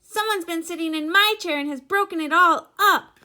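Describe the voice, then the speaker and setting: A woman voicing a small, upset boy bear cub with a squeaky, high, loud voice in a storybook reading. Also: normal speed, exaggerated voice.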